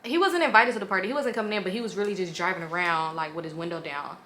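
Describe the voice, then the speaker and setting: A woman in her twenties, vlogging a casual storytime in a blunt, profane, animated way, full of "like" and asides. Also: on the low side, racing.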